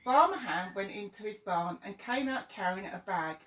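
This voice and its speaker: A woman reading a children's story aloud in an expressive, lively way. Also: mid-range voice, moderate pace, recorded from a distance, a little hiss or hum. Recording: echoey room, voice off-mic.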